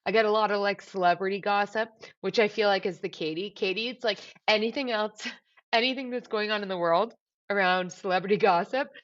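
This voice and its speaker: A woman co-hosting a podcast in casual chat, animated and laughing often, swearing freely. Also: medium pitch, fairly quick, dull audio. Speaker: podcast co-host.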